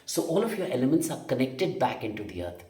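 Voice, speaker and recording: In a very animated, slightly fast delivery, a man with a dark, mid-range voice gives a spoken lesson in energy healing and meditation. Emphatic and repetitive, he asks many rhetorical questions, and the audio is roomy and far off.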